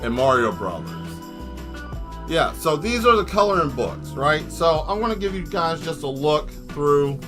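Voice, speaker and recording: A man hosting a live stream as an artist, chatting casually and playfully while showing his artwork, rambling with bursts of excitement. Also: fairly high pitch, unhurried, over music.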